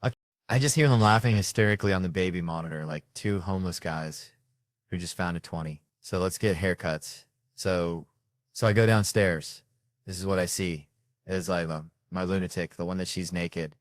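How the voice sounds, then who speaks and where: Male stand-up comic with a lowish voice, profane and rambling delivery, dry sound. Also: moderate pace, no echo. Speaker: stand-up comedian. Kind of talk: stand-up set.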